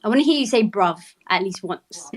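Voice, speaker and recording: A woman's voice: medium pitch, expressive, a little fast. A woman chatting casually and teasing in an online audio room. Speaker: Twitter Spaces participant. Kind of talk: casual chat.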